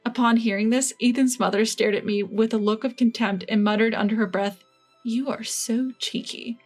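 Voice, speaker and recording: A woman narrating her own family revenge story in the first person, matter-of-fact and quietly smug. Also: mid-range voice, fairly even intonation, fairly quick, faint music behind.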